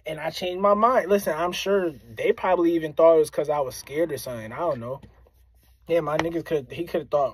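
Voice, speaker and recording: Casting: male rapper from Springfield, animated story to camera, a bit high, no room sound. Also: moderate pace, breathy edge, dry recording. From Springfield, Massachusetts, US. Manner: animated, addresses listeners directly, repeats phrases for emphasis. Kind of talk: casual storytelling to viewers.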